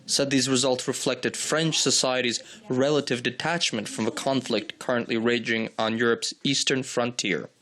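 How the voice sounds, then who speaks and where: A male news reporter giving a scripted voice-over narration in an even, formal read. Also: mid-range voice, normal speed, few pauses.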